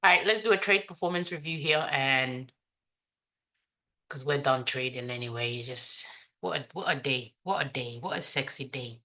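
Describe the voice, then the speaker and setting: A woman's voice: rumbling low, normal speed, bright, forceful tone. A woman with an accent mixing African, British and American, chatting to herself with casual swearing as she reviews her day trading. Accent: mixed African, British and American. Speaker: day trader. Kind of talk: casual self-talk during a trading session.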